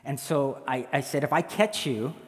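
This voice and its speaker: Animated storytelling pastor in a hall. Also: male voice, mid-range voice, moderate pace. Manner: animated storyteller acting out quoted voices. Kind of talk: storytelling sermon.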